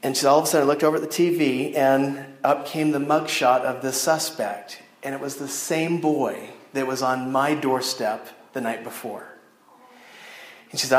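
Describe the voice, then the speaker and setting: A man's voice: mid-range voice, normal speed. A man giving a storytelling sermon to a youth audience from the stand of a church chapel, talking straight to his listeners. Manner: animated storytelling that addresses the audience directly. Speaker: youth speaker. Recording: echoey chapel room.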